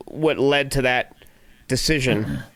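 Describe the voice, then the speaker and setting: A man's voice: medium pitch, takes it slowly, gravelly, a bit bright, no room sound. A man co-hosting a casual film podcast, chatty and laughing often, trailing off mid-thought. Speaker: podcast co-host.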